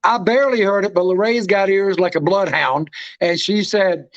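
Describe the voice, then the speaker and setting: A man hosting a casual livestream chat, talking with excitement and telling stories. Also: high voice, moderate pace. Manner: excited, storytelling, drops names. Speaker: show host. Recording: dull lo-fi stream audio.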